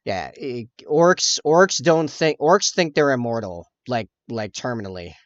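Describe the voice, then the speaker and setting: A man's voice: mid-range voice, lively intonation, a little slow, no echo. Man, livestreamer, rambling casual chat, self-correcting, dry muffled audio. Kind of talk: casual chat while painting miniatures and answering chat. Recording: dull, dry lo-fi stream audio.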